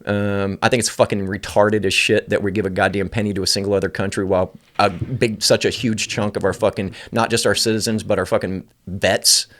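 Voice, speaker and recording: A man's voice: on the low side, flat delivery, a little fast, hardly any pauses, fairly bright tone. A man hosting an uncensored podcast, ranting angrily and swearing constantly. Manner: angry, profane ranting. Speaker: podcast host.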